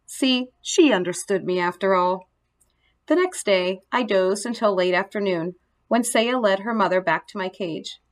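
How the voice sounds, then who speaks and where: A woman narrating a children's storybook in a gentle, expressive read-aloud manner. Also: medium pitch, measured pace.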